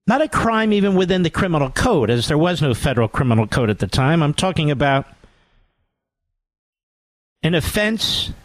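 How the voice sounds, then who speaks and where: A man's voice: a little high, dry recording. A man hosting a talk radio show, delivering a combative, sarcastic monologue and mocking others in put-on voices.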